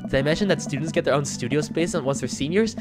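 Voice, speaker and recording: A man voicing an excitable, cheerful teenage girl while reading game dialogue aloud. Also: on the high side, fast, over music, voice pushed up, close to an everyday voice. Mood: eager.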